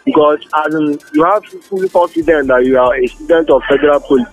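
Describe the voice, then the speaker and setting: A man's voice: fairly high pitch, fairly quick, faint music behind. A young man on a phone call. He pleads in a flustered way and keeps addressing the other man as sir. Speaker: prank call target.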